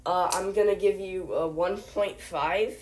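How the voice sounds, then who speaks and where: Slow, low-ish young woman hosting a mock newscast. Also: steady tone, a little mellow, slight background noise. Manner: rambling, hesitant, full of fillers. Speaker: host of a mock news show.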